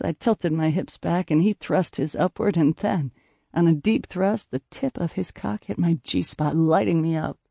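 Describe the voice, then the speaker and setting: A man reading a first-person audiobook in a soft, intimate way, at times dropping to a breathy hush. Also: fairly high pitch, no room sound, studio quality. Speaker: audiobook narrator.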